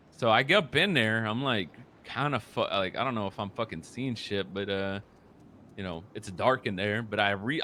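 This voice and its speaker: A man casually retelling a roleplay story, animated and profane, acting out the other people's lines in a low mutter. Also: slight background noise. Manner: animated, profane, acts out quotes in a lower mutter.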